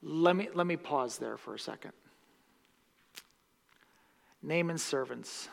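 A man preaching a sermon as pastor, impassioned, swinging from hushed words to loud bursts. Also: fairly high pitch, takes it slowly, creaky. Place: church sanctuary. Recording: long reverb of a church hall.

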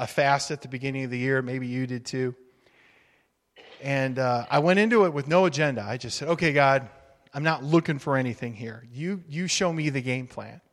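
A male pastor preaching a sermon in a relaxed, humorous, conversational way, acting out little quotes. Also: a little high. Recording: reverberant hall.

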